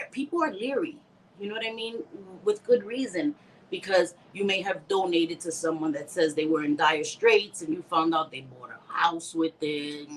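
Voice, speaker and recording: Teary low-voiced woman livestreamer. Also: slight background noise, rough recording. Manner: emotional, tearful and laughing through it; heartfelt, rambling, warm toward viewers. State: recovering from a bad cold, slightly stuffy. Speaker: livestream host. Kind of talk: casual livestream chat reading viewer comments.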